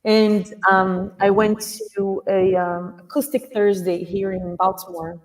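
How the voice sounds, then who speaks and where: Guest, woman, mid-pitched voice, lively storyteller heard from a little back from the mic. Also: unhurried, recorded from a distance. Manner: animated, laughing storyteller. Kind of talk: storytelling in a casual chat.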